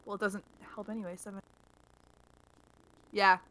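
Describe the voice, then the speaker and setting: A woman's voice: medium pitch, flat delivery, normal speed, a bit bright, a little hiss or hum, rough recording. A woman player in a tabletop game, speaking in an unsure, rambling way. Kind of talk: tabletop play.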